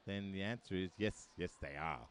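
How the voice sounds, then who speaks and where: A man's voice: low voice, moderate pace, slight background noise. A man giving live roller derby commentary, chatty and full of joking asides.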